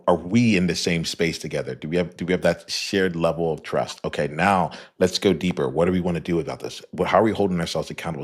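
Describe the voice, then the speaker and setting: This is a man with an extremely deep, low voice who hosts a podcast. He talks quickly and in a casual way, repeating words and piling on "like" as he works his way toward a question for his guest. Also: slightly rough. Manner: halting, repeats words often, many "like" fillers. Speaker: podcast host. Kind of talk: casual interview conversation.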